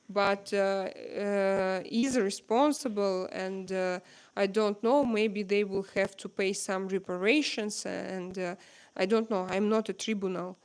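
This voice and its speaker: A young woman with a Russian accent, a native Russian speaker hosting a casual livestream, reading viewer comments aloud in halting English full of fillers. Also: mid-range voice, darkish tone. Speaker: livestream host.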